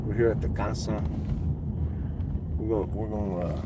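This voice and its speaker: A man's voice: on the low side, expressive, a little fast. Trash-talking man ranting on a car livestream. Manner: profane, mocking trash talk. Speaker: livestream host. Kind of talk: casual livestream rant. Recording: street and car noise behind.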